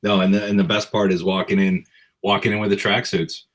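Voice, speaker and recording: Low-voiced man, relaxed chat. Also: brisk. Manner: relaxed, hedging with fillers. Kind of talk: casual chat.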